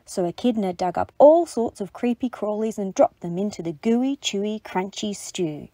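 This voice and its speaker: A woman reading a picture book aloud to children, gentle and expressive. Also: medium pitch, normal speed, no echo. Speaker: storybook reader. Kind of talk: children's read-aloud narration.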